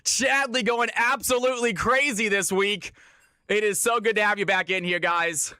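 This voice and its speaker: A man's voice: sits high, fairly even intonation, normal speed, sharp tone, clean tone, no room sound, studio quality. A man from Georgia in the US, hosting a live stream and calling custom games with a hyped announcer delivery. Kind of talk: live game commentary.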